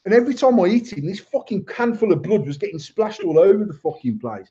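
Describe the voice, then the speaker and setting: Fast, husky and mellow, this Englishman's high-sitting voice swings widely in pitch. The podcast host, in his thirties or forties, swears constantly while telling a crude story in casual chat, heard through a dull lo-fi recording.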